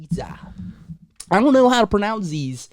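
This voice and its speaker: High, lively man joking on a podcast. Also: normal speed, no echo. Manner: teasing, profane, mock-angry outbursts. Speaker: podcast co-host. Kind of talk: joking casual chat.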